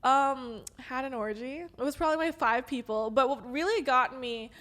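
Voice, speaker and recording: Bubbly Valley girl woman, slightly high. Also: moderate pace, fairly bright tone. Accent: Southern California Valley girl. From Los Angeles. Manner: frank and bubbly, heavy use of "like". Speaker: guest. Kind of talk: candid conversational interview.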